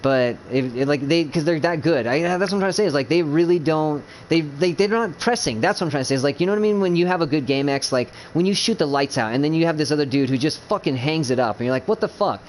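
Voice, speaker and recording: A man's voice: on the high side, fast, few pauses, a little mellow, slight background noise. A man chatting casually about his gaming team, rambling with many fillers, restarts and swearing. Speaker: gamer streamer.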